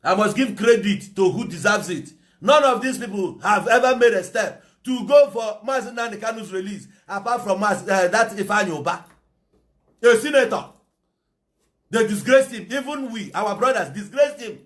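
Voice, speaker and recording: A man's voice: high-pitched, lively intonation, moderate pace, fairly bright tone. A Nigerian man with an Igbo English accent giving a fiery, preachy monologue and slipping into Igbo phrases. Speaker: political commentator. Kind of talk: impassioned monologue.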